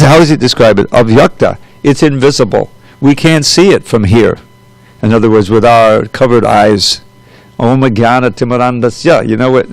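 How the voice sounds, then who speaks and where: A man's voice: mid-range voice, no echo, low-quality recording. A man reading a scripture commentary aloud and then lecturing on it in a loose, conversational way, with frequent asides. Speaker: temple class speaker.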